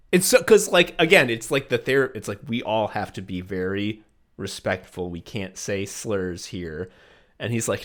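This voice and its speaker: His voice is medium-pitched and a bit bright, with a measured pace. As co-host of an easygoing comedy podcast, he swears, rants, imitates people mockingly, and laughs often along the way.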